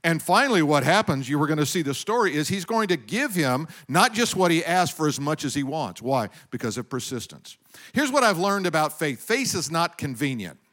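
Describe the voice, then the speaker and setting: A middle-aged man preaching a sermon as pastor, animated, often asking the congregation questions. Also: a little high, a little fast.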